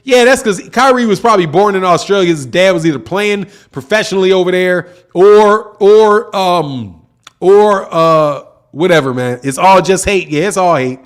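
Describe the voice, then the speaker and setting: High-voiced, laughing man. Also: normal speed. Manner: laughs often, slangy, repeats "man". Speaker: boxing channel host. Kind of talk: casual livestream chat reading comments.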